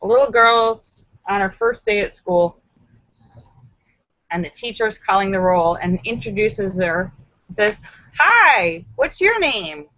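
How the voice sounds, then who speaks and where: A woman hosting a live stream, reading out viewer jokes and laughing along, popping into high character voices. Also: fairly even intonation, a little slow, long pauses, no echo, muffled recording. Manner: giggly, doing bright character voices in jokes. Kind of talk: live-stream joke telling.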